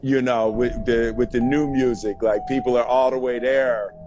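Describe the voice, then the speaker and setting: A man's voice: mid-range voice, steady tone, moderate pace, over music. Teasing man hosting a livestream. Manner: teasing, interrupting, playful. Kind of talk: casual livestream chat.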